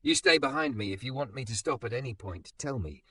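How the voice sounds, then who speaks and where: A man voicing a quiet, protective dishwasher who speaks calmly, gently but firmly. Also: medium pitch, brisk, gravelly, recorded from a distance, pitched above the performer's own voice, full character voice. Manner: calm, even, gentle but firm.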